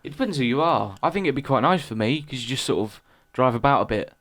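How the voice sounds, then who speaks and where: Young man, podcast co-host, relaxed and rambling, average pitch. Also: fast talker. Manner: relaxed, rambling, many restarts. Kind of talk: casual chat.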